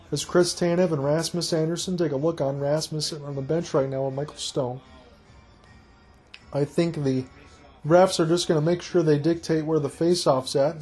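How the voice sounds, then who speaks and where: A man doing solo play-by-play hockey commentary for an online broadcast, a rapid running call that jumps up on big plays. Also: fairly high pitch, darkish tone, husky.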